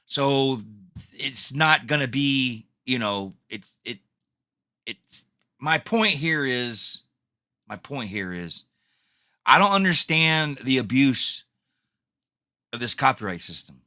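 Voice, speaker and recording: Guy ranting on his podcast, cussing a lot, bright voice, pitch jumping all over. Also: animated, slow pace, long pauses. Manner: angry, profane ranting. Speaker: podcast host. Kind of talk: solo rant.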